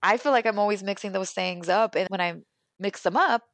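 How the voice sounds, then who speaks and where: A young adult woman from California, a guest speaking candidly about her life in an animated, emphatic way, with plenty of "like". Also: medium pitch, fairly quick, no echo. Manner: animated and emphatic, heavy use of "like". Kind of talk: candid personal conversation.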